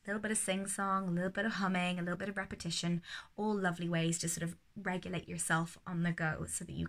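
A woman giving casual parenting advice, calm and steady, sometimes slipping into a soothing sing-song. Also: lowish voice, fast. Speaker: parenting educator.

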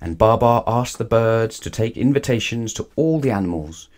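Calm, low-voiced man reading a bedtime story. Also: normal speed. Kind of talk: bedtime story read-aloud.

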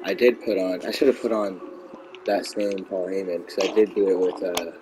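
A man's voice: deep voice, fairly even intonation, moderate pace, background noise. A young man playing a wrestling video game, chatting casually with a friend and hurling profane trash talk at the screen. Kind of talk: casual gameplay chat with a friend.

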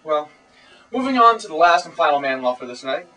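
A man's voice: fairly high pitch, sing-song, a little fast, sharp tone, soft background music. A teenage boy co-hosting a comedy web show, lecturing in a pompous, mock-serious way. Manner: pompous, preachy mock authority. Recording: voice distant from camera mic.

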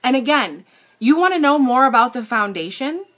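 Speaking into a tablet, the makeup seller addresses her live stream viewers with earnest emotion, often restarting what she says. She is a young adult woman whose fairly bright voice sits high and sounds very animated, at a normal speed.

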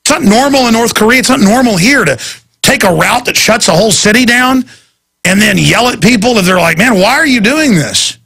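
Gravelly, heated talk radio host. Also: male voice, sits high, brisk, bright, forceful tone. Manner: heated, rambling and indignant.

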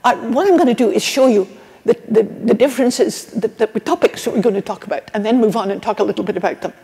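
Older Scottish woman, keynote speaker, fairly high voice, earnest, long hall reverb. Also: quick pace. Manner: warm, earnest, with restarts and asides. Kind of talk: conference keynote lecture. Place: conference hall.

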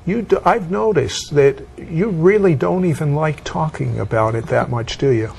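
A man's voice: fairly high pitch, normal speed, gravelly, darkish tone, a little hiss or hum. A man hosting an interview, probing his guest with leading questions. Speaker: host.

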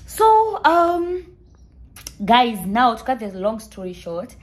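A woman's voice: fairly high pitch, sing-song, slow. A young woman from Kenya with a Kenyan accent, telling a travel story to camera in a playful, joking, dramatic way. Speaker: travel vlogger.

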